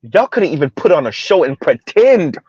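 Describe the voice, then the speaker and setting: A high-pitched man hosts a commentary, firing off mocking rhetorical questions and stretching words for emphasis. The sound is dry and a little muffled. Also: very animated, moderate pace, a little mellow, husky, dry recording. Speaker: commentary video host. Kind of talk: reaction commentary.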